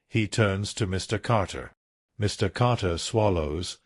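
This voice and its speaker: A man narrating a scripted story in a slow, deliberate storytelling manner. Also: lowish voice, lively intonation, dry recording, clean studio sound.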